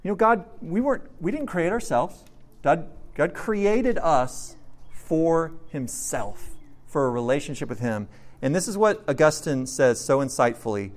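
A man preaching a sermon as a pastor, earnest, moving from soft, slow passages to emphatic ones. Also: fairly high pitch, lively intonation. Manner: earnest, with dramatic swings between soft and emphatic.

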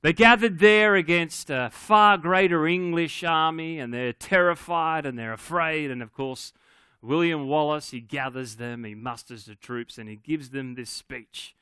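A man delivers a sermon with earnest emphasis, leaning into key words and letting pauses land. His voice sits a little high and comes across smooth and crisp. The sound is close and dry, with almost no room around it. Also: bright, forceful tone, no room sound. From Scottish ancestry on father's side. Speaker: pastor.

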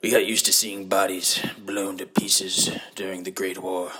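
A man voicing a haunted old male war veteran who speaks in a hushed, solemn whisper. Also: low voice, little pitch movement, measured pace, breathy edge, heavily acted, low-quality recording.

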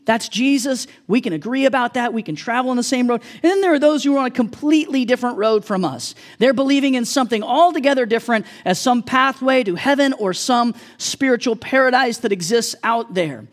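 A male pastor giving a sermon in an animated, joking, conversational way. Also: very high voice, brisk, few pauses.

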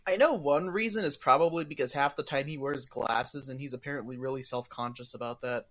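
A man's voice: medium pitch, brisk, fairly bright tone. A man chatting casually online, making dry, matter-of-fact remarks. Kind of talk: casual online group chat.

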